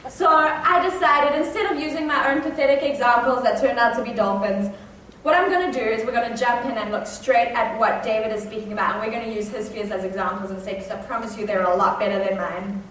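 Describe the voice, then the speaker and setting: A woman preaching a sermon, telling a personal story with animated shifts from hushed suspense to high excited outbursts. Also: brisk, slight background noise. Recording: echoey hall, voice from a distance.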